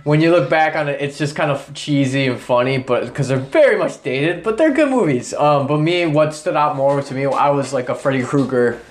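A man chatting casually on a podcast, swearing freely and telling stories with lively energy. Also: fairly high pitch, moderate pace, hardly any pauses. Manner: loose, swearing, animated storytelling. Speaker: podcast co-host. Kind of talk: casual chat.

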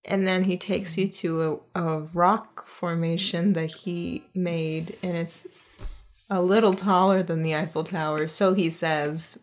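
A woman's voice: fairly low pitch, fairly even intonation, measured pace. A woman in casual chat, retelling a film's plot in a loose, jokey, profane way. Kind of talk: casual chat recapping a film.

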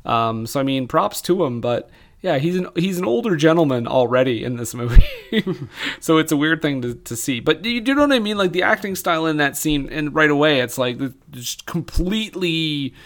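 Podcast co-host, slightly high voice, casual and chatty. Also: male voice, expressive, a little fast, a bit bright. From Canada. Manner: conversational, hedging with "I mean". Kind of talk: casual movie-review chat.

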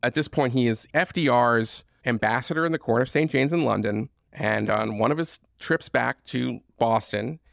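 Gravelly man telling history casually. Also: mid-range voice, moderate pace, hardly any pauses, fairly bright tone, no room sound, clean studio sound. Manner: conversational storytelling, many asides and fillers. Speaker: podcast host. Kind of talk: history podcast monologue.

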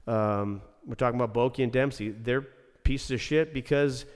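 A man's voice: medium pitch, moderate pace, long reverb tail. A man, a former ice rink manager, talking bluntly and with plenty of swearing in a casual podcast chat. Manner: blunt, profane, ranting.

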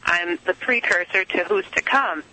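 A woman quoting a calm, condescending male alien being while retelling a contact story, matter-of-fact and dismissive of humans. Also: lowish voice, normal speed, poor audio. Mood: calm, aloof.

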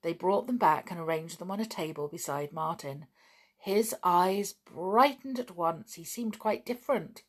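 A woman's voice: on the low side, measured pace. A woman reading a children's book aloud for a podcast, chatty in her sign-off. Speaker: podcast reader.

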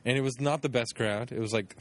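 A man's voice: medium pitch, a little fast, a little hiss or hum. A man in his thirties hosting a casual comedy podcast, joking, swearing freely and laughing often. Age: 30s. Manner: jokey, profane, laughs often. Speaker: podcast host.

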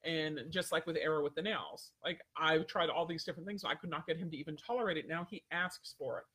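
A man's voice: a little high, quick pace, bright, forceful tone, breathy edge. A man who trains dogs, chatting casually with viewers on a livestream, rambling and breaking off his own sentences. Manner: rambling, self-interrupting, many fillers. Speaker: dog trainer hosting a livestream.

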